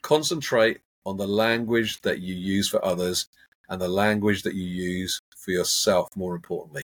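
A man, a hypnotherapist, talking in a casual interview and acting out everyday examples in an animated, coaching way. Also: low-pitched, normal speed, slightly rough. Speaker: hypnotherapist guest.

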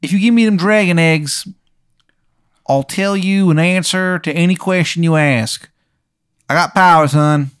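A man's voice: a little slow, a bit bright, clean tone. A man voicing a shady stranger with a terrible, gurgling Baltimore accent in a tabletop game. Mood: wheedling. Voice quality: gurgling, exaggerated accent, high-pitched.

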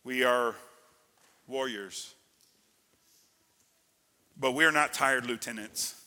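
Preacher guy in a big church, super bright punchy voice, kinda high, long echo off the walls. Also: slow pace. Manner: energetic preaching with call-and-response. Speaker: pastor. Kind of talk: sermon. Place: church sanctuary.

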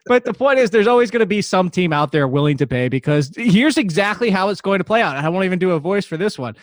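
A man hosting casual sports talk, quick and argumentative with a joking edge. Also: high-pitched, lively intonation, dry recording, studio quality. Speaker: podcast host.

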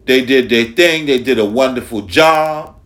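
A man's voice: mid-range voice, a little slow, fairly bright tone. A man hosting a casual sports talk podcast, speaking emphatically and repeating phrases for effect. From Long Island, New York. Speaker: podcast host.

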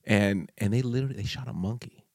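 In a casual conversational interview, a podcast host tells rambling stories with many fillers and frequent laughs. His fairly low, slightly mellow voice moves fast, and the studio recording is clean and dry.

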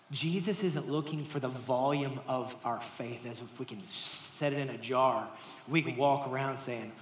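A man delivering a sermon in a roomy, echoing hall, his voice sitting a little high for a man. He talks straight to the congregation, sinking to a near-whisper on key lines, then lifting again to press a point. Faint background hum sits under the room. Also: animated, normal speed. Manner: shifts between hushed near-whispers and raised emphatic lines; conversational, addresses the congregation directly. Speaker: pastor.

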